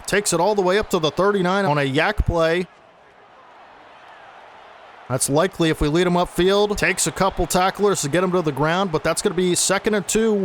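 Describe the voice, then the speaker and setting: A young man giving play-by-play commentary over a football video game he is playing, excitable and talking to viewers as folks. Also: a little high, a little hiss or hum. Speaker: gaming channel host.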